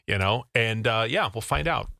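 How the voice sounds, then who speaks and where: Minnesota guy cohosting a podcast, bright voice, bounces all over, dry close mic. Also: fairly low pitch, normal speed, vocal fry, no room sound. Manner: animated storytelling with mock voices. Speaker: podcast co-host. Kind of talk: casual chat.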